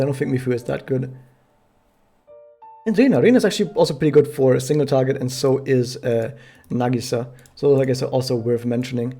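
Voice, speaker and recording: Chatty male streamer, mellow voice. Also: medium pitch. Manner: chatty, explains pronunciation with many fillers. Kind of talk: casual gameplay commentary to chat.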